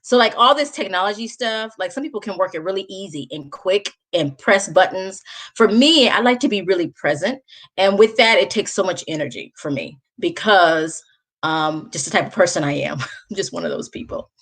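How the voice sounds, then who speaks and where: A woman's voice: medium pitch, lively intonation, normal speed, fairly bright tone. A woman with a Southern US accent hosting a casual live chat, talking straight to her viewers and laughing often. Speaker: livestream host.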